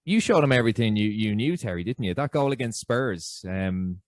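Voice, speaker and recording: A man's voice: lowish voice, animated, fairly quick, no room sound. A man co-hosting a podcast, laughing along and feeding follow-up questions to his guest. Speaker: podcast co-host. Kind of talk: casual chat.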